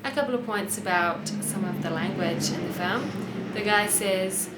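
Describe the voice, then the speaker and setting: A woman's voice: mid-range voice, normal speed, roomy sound, heavy background noise. A woman with a New Zealand accent explaining English words and pronunciation in a casual lesson. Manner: clear, explanatory, modelling pronunciation. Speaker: English teacher and host.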